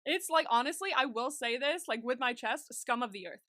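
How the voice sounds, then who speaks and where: Bright, fiery young woman co-host. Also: high voice, no room sound, studio quality. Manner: animated, swears freely, quick bursts of anger. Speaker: podcast co-host. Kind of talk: casual chat.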